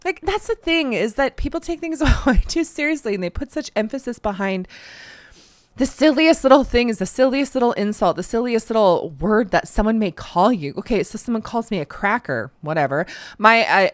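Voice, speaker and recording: A woman's voice: a little high, expressive, normal speed, dry recording. Woman podcast host from canada, laughs a lot, swoops all over, dry close mic. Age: young adult to middle-aged, a parent. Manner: laughs often, rambling storytelling with many fillers. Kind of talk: casual podcast chat.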